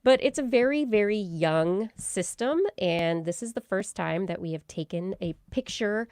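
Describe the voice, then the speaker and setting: A woman's voice: medium pitch, expressive, normal speed, darkish tone, smooth, no room sound, clean studio sound. A woman hosting a science podcast, walking through research stories in a loose, chatty way. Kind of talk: casual science chat.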